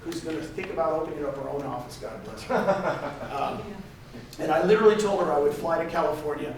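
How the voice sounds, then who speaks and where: A gravelly, slightly high male voice, animated and fairly quick, belongs to an older conference speaker rousing a live audience with an emphatic motivational talk full of repeated phrases. Crowd noise fills the large conference room, captured by a distant mic in an echoey hall.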